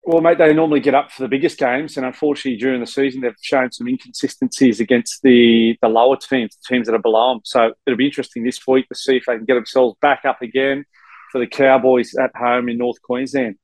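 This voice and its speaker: A man's voice: mid-range voice, steady tone, fast talker, a little mellow, no room sound, poor audio. Rambling Australian man, dry sound. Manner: rambling, many fillers and restarts, says mate often. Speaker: co-host, former player. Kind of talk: casual sports chat. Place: hotel room.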